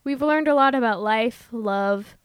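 A woman's voice: on the high side, a little slow, smooth, no echo. A woman with a Midwestern accent co-hosting a podcast in casual, bubbly chat. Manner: bubbly, giggly. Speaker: podcast co-host.

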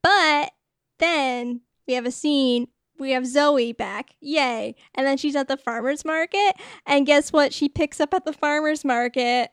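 Slow-talking woman recapping a movie. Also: high-pitched, dry recording, studio quality. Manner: chatty, giggly, acts out characters' lines. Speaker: podcast co-host. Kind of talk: casual chat recapping a movie.

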